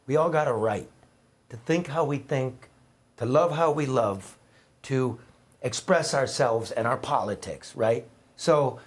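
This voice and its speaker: This guest, a middle-aged former newspaper reporter, shares heartfelt stories conversationally, rambling and emphatic. His voice is husky and fairly high for a man.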